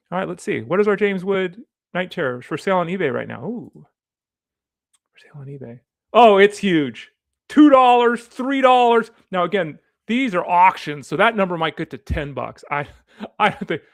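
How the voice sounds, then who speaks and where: A man's voice: sits high, no room sound, studio quality. A man hosting a sports show, chatting casually while opening card packs, rambling and easily sidetracked. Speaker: sports podcast host.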